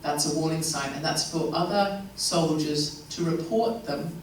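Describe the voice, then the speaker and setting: A woman from England with an English accent, giving a chatty, animated Q&A talk to a live audience with laughing asides. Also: low-pitched, measured pace, slight background noise. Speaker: guest speaker. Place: event hall. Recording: echoey hall, mic far off.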